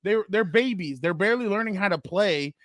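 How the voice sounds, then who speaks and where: A high-pitched man co-hosting a casual sports talk show, spinning animated stories and slipping into other people's voices as he goes. His voice is dry and close to the mic, with no room sound around it. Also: brisk, no room sound. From United States. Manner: animated storyteller acting out quotes. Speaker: co-host.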